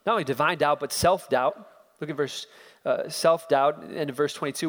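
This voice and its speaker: A man's voice: fairly high pitch, moderate pace, long reverb tail. A man preaching an expository sermon, dramatic and full of rhetorical questions.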